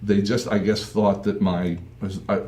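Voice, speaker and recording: Male guest, lowish voice, animated storyteller, roomy sound. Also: measured pace. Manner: animated storyteller, laughs between lines. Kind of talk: casual anecdotal storytelling. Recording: echoey room with faint ambience.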